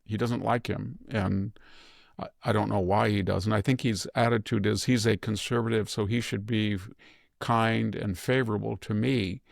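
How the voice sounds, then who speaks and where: An older man from California giving measured, digressive political commentary in conversation. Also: on the low side, fairly even intonation, gravelly, no echo, studio quality. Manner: measured, digressive, thinks aloud. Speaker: host and commentator.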